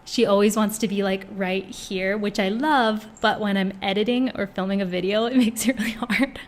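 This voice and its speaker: A woman's voice: medium pitch, fairly even intonation, normal speed. A young woman in casual chat reviewing books, gushing and chatty, with many fillers. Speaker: book vlogger.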